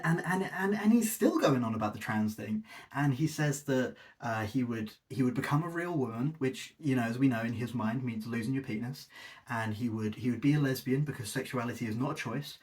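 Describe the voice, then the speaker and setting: A man's voice: mid-range voice, darkish tone. A man hosting a video essay, giving a sarcastic, exasperated critique with mocking asides. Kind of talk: scripted-ish critical commentary.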